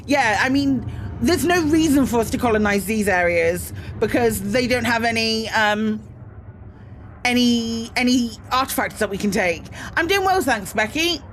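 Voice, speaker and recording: A woman's voice: on the high side, moderate pace, fairly bright tone, slight background noise. A woman streaming a space game, chatting casually with her viewers, greeting them in bursts, with frequent ums and self-mocking asides. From Britain. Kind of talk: casual live-stream chat.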